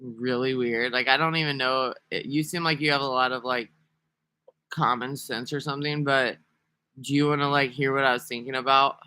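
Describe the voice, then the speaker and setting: A man's voice: mid-range voice, steady tone, moderate pace, sharp tone, clean tone, dry recording. A man talking casually to camera in a rambling, profane, sarcastic vlog monologue. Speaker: vlogger.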